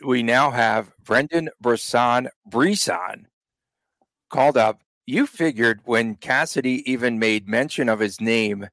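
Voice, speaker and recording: A man's voice: mid-range voice, a bit bright, no echo. A man co-hosting a sports podcast, joking and rambling in casual chat. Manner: joking, rambling, laughs often. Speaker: podcast co-host.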